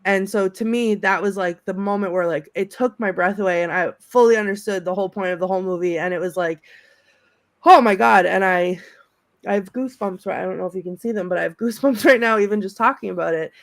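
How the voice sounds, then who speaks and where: A woman's voice: mid-range voice, fast, dry recording. Woman on a video call reading out movie quotes, laughs a lot, dry close sound. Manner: animated, laughs often, acts out the quotes. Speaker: podcast co-host. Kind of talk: casual chat reading favorite film quotes.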